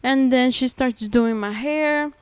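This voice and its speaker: Very clear-voiced young woman telling her story. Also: high-pitched, slow pace, no room sound. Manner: earnest storytelling, many "like" fillers. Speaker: podcast guest. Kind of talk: personal testimony in casual conversation.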